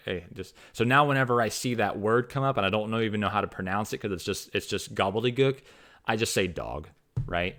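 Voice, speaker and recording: A man's voice: on the low side, fairly quick, fairly bright tone. A man, a fantasy author giving his opinions in a rambling, casual monologue full of restarts and fillers.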